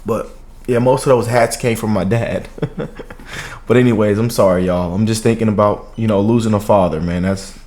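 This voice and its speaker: A man in his thirties hosts a casual reaction video, rambling and heartfelt, calling viewers "y'all" and "man." His voice is on the low side and darkish, with fairly even intonation at normal speed.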